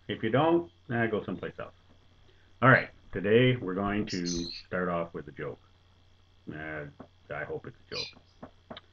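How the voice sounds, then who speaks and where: A man hosting his own show and telling a joke in a folksy, rambling way. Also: on the low side. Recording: tinny phone-like sound.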